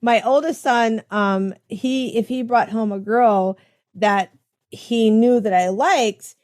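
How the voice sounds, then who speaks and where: A middle-aged woman hosting an interview, effusive and quick to laugh as she chats about family. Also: a little high, a little mellow. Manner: enthusiastic, effusive, laughs often. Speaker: host. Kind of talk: casual interview chat.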